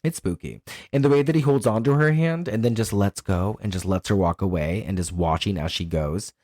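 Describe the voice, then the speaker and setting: A man co-hosting a podcast in casual chat, animated and profane, laughing often. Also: on the low side, brisk, no room sound, studio quality. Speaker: podcast co-host.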